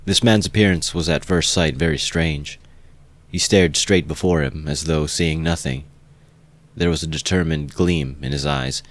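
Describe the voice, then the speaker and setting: A man calmly narrating an amateur audiobook reading of a classic novel. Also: a bass voice, normal speed, no echo.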